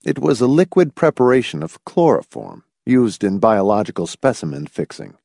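A man narrating an audiobook in a measured reading, his voice sitting at an ordinary middle pitch. His delivery swings widely and expressively, recorded dry and close with no room sound. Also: big pitch swings, gravelly, a little mellow, no echo.

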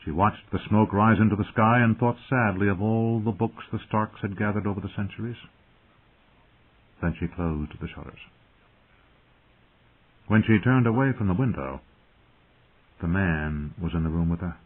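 Male audiobook narrator, low husky voice, measured and dramatic, phone-like audio.

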